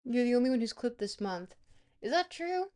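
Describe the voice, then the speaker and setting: A woman's voice: a little high, big pitch swings, moderate pace, darkish tone. A woman hosting a casual livestream, rambling and joking as she talks directly to her chat viewers. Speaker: livestream host.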